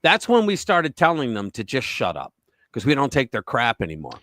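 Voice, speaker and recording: With a mid-range voice and a brisk pace, free of echo, a man hosts a political commentary livestream. He keeps it casual but animated, leaning on sarcasm and mimicking people in mocking voices.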